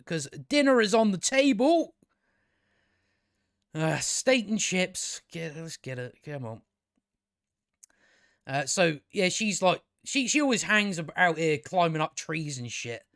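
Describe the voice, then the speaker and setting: Sweary rambling man, high voice. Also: fairly bright tone. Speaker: video reviewer. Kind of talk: casual commentary over clips.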